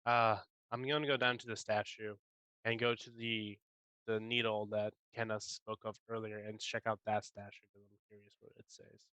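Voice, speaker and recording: A man playing a tabletop game, playful and quick to laugh. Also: lowish voice, flat delivery, sharp tone, clean tone. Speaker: player.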